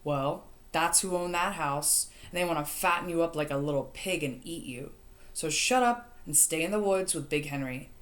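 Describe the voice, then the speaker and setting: A woman's voice: sits low, moderate pace, natural voice. A woman reading an audiobook, voicing a bossy teenage boy who gives urgent orders. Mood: commanding. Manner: commanding, urgent.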